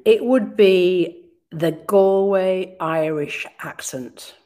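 A woman being interviewed on a podcast, chatty and enthusiastic and quick to laugh. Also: lowish voice, warm tone. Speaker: interview guest. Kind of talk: casual conversational interview.

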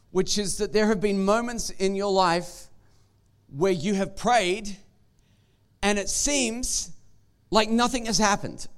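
A man's voice: high voice, clean tone. A man giving a sermon as pastor, in a conversational, joking way and often repeating words. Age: young adult or middle-aged.

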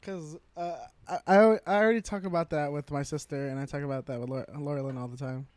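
A man's voice: fairly high pitch, steady tone, fast talker, darkish tone, dry recording. A man co-hosting a podcast in casual chat, slangy and joking. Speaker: podcast co-host.

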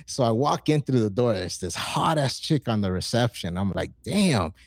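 A man in his forties telling stories in casual, profane chat, acting out quoted lines with excitement. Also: medium pitch, moderate pace, creaky, no echo. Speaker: podcast guest.

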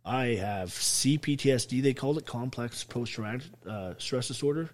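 A man's voice: mid-range voice, moderate pace. An army veteran telling his story as an interview guest, blunt and full of swearing. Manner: blunt, heavily profane, emphatic.

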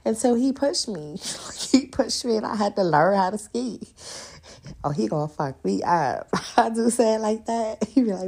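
A young woman hosting a podcast, chatting casually and telling loud, animated stories full of laughter and acted-out quotes. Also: on the high side, unhurried, vocal fry, slightly rough. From New York and the countryside. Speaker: podcast host. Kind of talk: casual solo podcast chat.

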